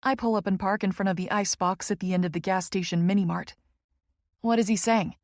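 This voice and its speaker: A woman's voice: mid-range voice, steady tone, fast, no echo, clean studio sound. Wry woman narrating an audiobook. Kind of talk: scripted first-person romance narration.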